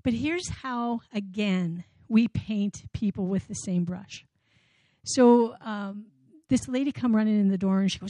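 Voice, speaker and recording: A woman tells personal stories from the front of a room, animated and full of little restarts and fillers. Her voice is warm and mellow, caught dry and close on a microphone. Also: mid-range voice, unhurried, no room sound. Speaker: speaker at a community ministry event. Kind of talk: personal storytelling talk.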